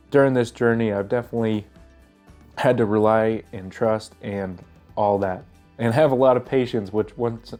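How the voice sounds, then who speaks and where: Young man, stuffy and congested from a cold, low voice, warm dark tone, earnest rambling vlog talk, faint guitar music behind. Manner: rambling, earnest, many fillers and restarts. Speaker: vlogger. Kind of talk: casual talk to camera.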